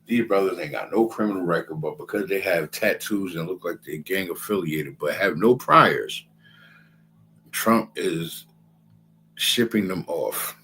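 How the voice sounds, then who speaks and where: A man's voice: deep voice, a little slow, bright, forceful tone, a little hiss or hum, rough recording. A man giving a casual scripture lecture in a repetitive, conversational way, often checking in with his listeners. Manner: repetitive, conversational, keeps asking "you understand?". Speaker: religious class teacher.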